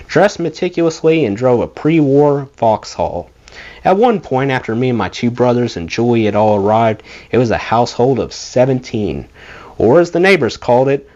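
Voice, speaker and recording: A man reads a memoir aloud, his pitch rising and falling freely. The recording sounds dull and lo-fi. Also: a little mellow. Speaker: audiobook reader.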